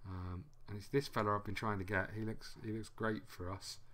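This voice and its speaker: A man playing a football management game, thinking aloud in hesitant mutters and reacting with bursts of excitement. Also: lowish voice, fairly quick. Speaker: gamer. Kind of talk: let's play commentary.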